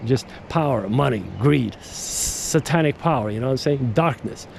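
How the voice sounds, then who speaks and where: A man's voice: mid-range voice, normal speed, vocal fry, a little mellow, a little hiss or hum. A man hosting a podcast, talking in a casual, digressive monologue that repeats words and restarts sentences. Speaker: podcast host.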